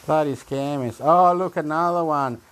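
A man in casual rambling commentary, reading web pages aloud, halting and repeating words and breaking into exclamations. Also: fairly high pitch. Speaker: vlogger reading websites aloud.

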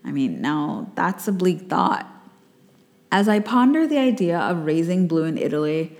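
A woman from the United States hosts her podcast and reads her own essay aloud. Her voice sits a little low, and she stays reflective with wry asides. A long reverb trails each phrase. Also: very animated, measured pace, vocal fry, darkish tone. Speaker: podcast host.

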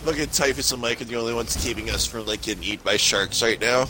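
A man's voice: mid-range voice, quick pace, noisy background. A man co-hosting a gaming podcast, swearing freely and laughing until he cries. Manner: laughs hard, swears a lot, cracks up. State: crying with laughter. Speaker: podcast co-host playing a game. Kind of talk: casual gaming chat.

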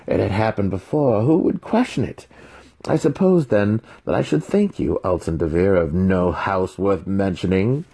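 A man voicing a scheming young male dark elf student who rambles and gloats, in a dramatic audiobook reading. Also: low voice, lively intonation, moderate pace, husky, voice pushed up, heavily acted. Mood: gloating. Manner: sly, rambling, triumphant.

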